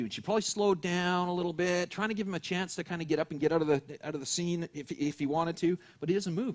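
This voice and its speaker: A man's voice: sits high, slightly rough. A man preaching a sermon in a church, telling a story and acting out the voices of the people in it. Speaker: pastor.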